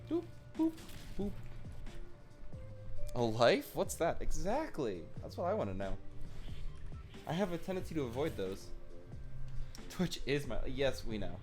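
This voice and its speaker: Exhausted, loopy man streamer with lively pitch. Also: normal speed, pauses often, soft background music. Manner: playful, sarcastic, swears freely. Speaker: live streamer. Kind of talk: casual live-stream chat while gaming.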